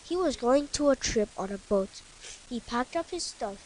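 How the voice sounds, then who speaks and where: A woman reading a simple story aloud, halting, with many restarts and fillers. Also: on the high side, lively intonation, a little mellow, poor audio. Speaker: story reader. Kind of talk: reading own written stories aloud.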